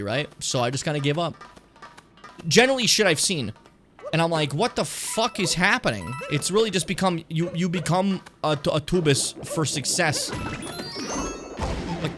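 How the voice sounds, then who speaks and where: A man streaming a video game, talking in a rambling, sarcastic and profane way. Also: on the high side. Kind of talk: casual gameplay commentary. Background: game music.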